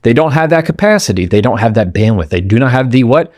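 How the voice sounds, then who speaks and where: A man's voice: mid-range voice, lively intonation, darkish tone, dry recording, studio quality. A man hosting his own podcast, giving an emphatic motivational talk straight to the listener with rhetorical questions. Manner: acts out quoted people in quick asides. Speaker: podcast host.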